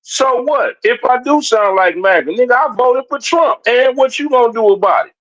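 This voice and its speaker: Heated high-voiced man ranting on a livestream. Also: lively intonation, moderate pace, fairly bright tone. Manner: confrontational, repetitive, addresses chat directly. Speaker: livestream commentator. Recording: dull lo-fi stream audio.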